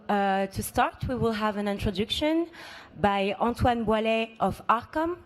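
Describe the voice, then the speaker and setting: A woman moderating a conference panel, welcoming the audience and introducing speakers with some hesitant fillers. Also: a little high. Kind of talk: formal event moderation.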